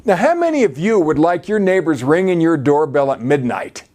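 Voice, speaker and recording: A man's voice: a little high, big pitch swings, moderate pace, darkish tone. A male preacher delivering a sermon, peppering his talk with "you see" and frequent restarts.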